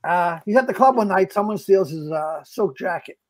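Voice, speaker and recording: An older man, a comedian, tells show-business anecdotes in a relaxed chat. He is animated, acts out the quotes, and stumbles into restarts as he goes. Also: high-pitched, normal speed. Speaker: guest comedian. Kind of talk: storytelling in casual chat.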